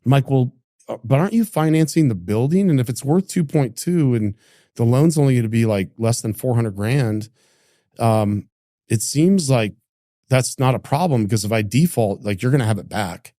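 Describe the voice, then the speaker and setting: A middle-aged man from Idaho, a business founder telling a story in casual conversation, acting out what people said, with lots of quick restarts. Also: mid-range voice, dry recording, studio quality. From Idaho, United States. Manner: animated, acts out quoted dialogue, frequent restarts. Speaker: entrepreneur guest.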